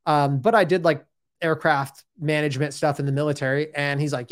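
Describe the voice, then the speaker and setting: A man's voice: a little high, fairly even intonation, brisk. A man in his thirties telling his own story in a casual, rambling and candid way, often saying "dude" and "like".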